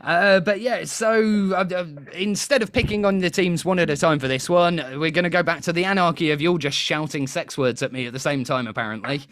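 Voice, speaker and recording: A man's voice: on the high side, brisk, hardly any pauses, fairly bright tone, dry recording. A British man hosting a live quiz show, chatty and self-deprecating, often laughing as he talks.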